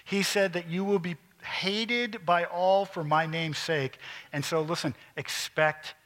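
A man delivers a sermon with a bright, forceful tone set a little above the usual male pitch. He preaches earnestly, swelling to emphatic peaks and falling to quiet, close asides. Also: slow. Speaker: pastor.

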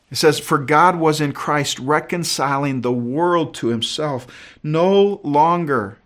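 A man preaching a sermon in a middle-pitched voice. He tells a story earnestly, slowing into quiet pauses and often repeating a word as he restarts a phrase. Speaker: pastor.

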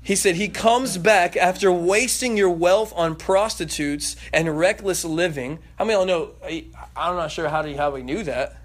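A man preaching a sermon in a lively way, acting out the voices in the story and joking with the congregation. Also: sits high, normal speed, hardly any pauses. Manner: animated, acts out voices, laughs and jokes.

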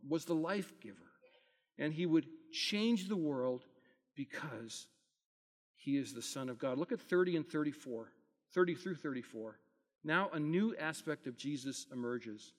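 High-voiced man preaching in a reverberant hall. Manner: earnest preaching, swelling loud on key phrases then dropping quiet. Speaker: pastor. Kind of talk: sermon.

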